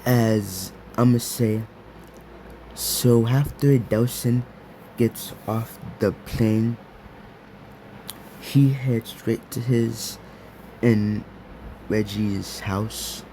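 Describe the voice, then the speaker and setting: Slow, halting male storyteller. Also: medium pitch, fairly even intonation, dark tone, slight background noise. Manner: halting, full of repeats and restarts. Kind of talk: improvised fan story narration.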